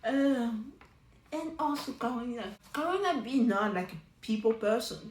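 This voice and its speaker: A woman giving a casual recap of a reality show, chatty and animated, often talking straight to the people on screen. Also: a little high, normal speed, roomy sound, slight background noise, poor audio. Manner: chatty and animated, talks straight to the show's cast.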